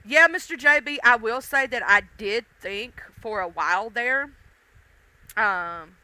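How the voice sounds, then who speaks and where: A woman's voice: on the high side, unhurried, bright, forceful tone, dry recording, low-quality recording. A woman hosting a casual livestream, chatting with her viewers, laughing and teasing them by name. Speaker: livestream host. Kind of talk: casual chat with live viewers.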